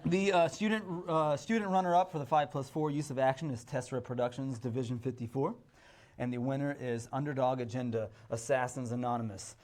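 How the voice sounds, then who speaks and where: A man's voice: mid-range voice, fairly even intonation, a little fast, a little mellow. A young man hosting an awards show, loose and joking, laughing between lines. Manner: laughs often, chatty and loose. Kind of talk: casual, joking live emcee.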